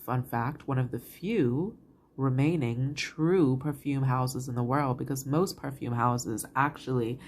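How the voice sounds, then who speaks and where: A woman's voice: very deep voice, a little slow, darkish tone, slight background noise. A woman from Bermuda, telling a story to camera in a rambling, reflective way. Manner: rambling, reflective, many restarts and "like". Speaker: channel host.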